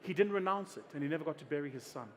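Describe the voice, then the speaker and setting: A South African man tells a story from the stage in an animated, humorous way, often slipping into other people's voices. His voice sits fairly high for a man. Faint room ambience runs under the speech. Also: racing, slight background noise. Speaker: keynote speaker.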